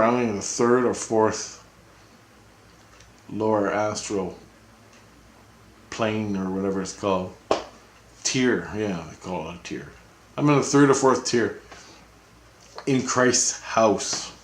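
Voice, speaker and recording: A man vlogging, telling a rambling personal story with chuckles. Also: on the low side. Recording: roomy echo.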